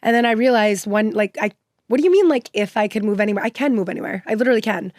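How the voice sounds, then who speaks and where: A woman guest on a podcast, telling stories in a casual, animated way and filling her speech with "like". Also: mid-range voice, fast, no room sound, studio quality. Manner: chatty, heavy use of "like" fillers; animated, enthusiastic storyteller. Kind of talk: casual storytelling chat.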